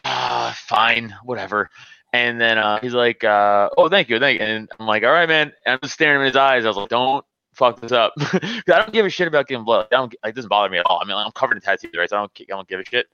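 A man's voice: mid-range voice, lively intonation, fast, bright, forceful tone, smooth, no room sound, muffled recording. A man telling rambling stories in casual chat, full of restarts and filler words. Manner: rambling storyteller, many restarts and "like". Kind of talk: casual banter.

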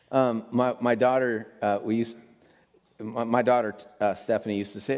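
A middle-aged man preaches from the pulpit, chatty and loose, often restarting his sentences. His voice sits at an ordinary pitch. A long reverb from the church hall trails after his words. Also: moderate pace. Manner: casual, rambling, many restarts. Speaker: pastor. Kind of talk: sermon. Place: church sanctuary.

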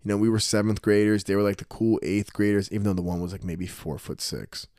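A young man chatting casually, telling animated stories and acting out what others said. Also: on the low side, fast talker, no echo, studio quality. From New Jersey. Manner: storytelling, animated quoting of others. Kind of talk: casual podcast chat.

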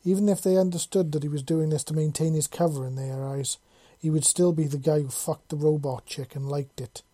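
A narrator reading a chapter of fan fiction aloud with steady, even pacing. The voice is very dark and mellow, and the recording is dry and close with no room sound. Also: medium pitch, a little fast, no echo. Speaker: audiobook narrator.

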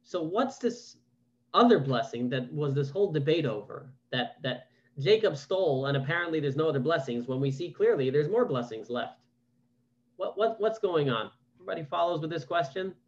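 A man's voice: fairly high pitch, expressive, normal speed, lo-fi sound. A man teaching a Torah class over a video call, reading verses aloud and then asking questions in a casual, conversational way. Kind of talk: online Bible class with casual commentary.

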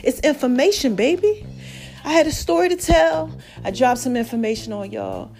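A woman hosting a casual motivational podcast, preachy and animated, her voice cracking and tired. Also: high voice, normal speed, gravelly, faint music behind. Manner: preachy, animated, calls listeners baby and child. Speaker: podcast host.

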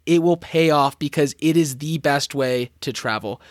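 A young man co-hosting a podcast who chats casually and pitches his tips with punchy enthusiasm. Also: moderate pace, noisy background. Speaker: podcast co-host.

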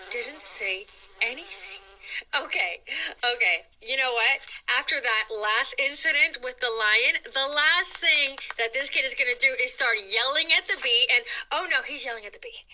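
A woman hosting a children's storytime, reading aloud in an expressive, playful, dramatic way. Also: high voice, a little hiss or hum, rough recording. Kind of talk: animated read-aloud storytime.

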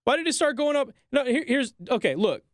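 Animated, high-pitched sarcastic male host. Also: a little fast, dry recording, studio quality. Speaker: talk show host. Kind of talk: political commentary monologue.

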